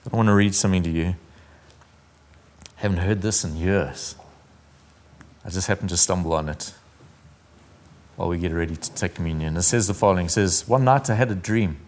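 Low-voiced earnest male pastor. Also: fairly even intonation, brisk, pauses often. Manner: earnest, intimate preaching, dropping to a near-whisper. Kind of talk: sermon.

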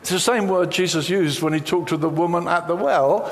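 A man preaching a sermon in an animated, humorous way, acting out the lines he quotes. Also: high voice, a little fast, in a large hall.

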